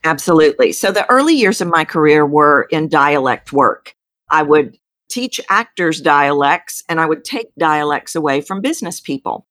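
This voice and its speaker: A middle-aged woman with a Texan accent, a voice coach explaining her work in an interview with emphatic, animated delivery. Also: low voice, moderate pace, dry recording. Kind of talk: interview storytelling.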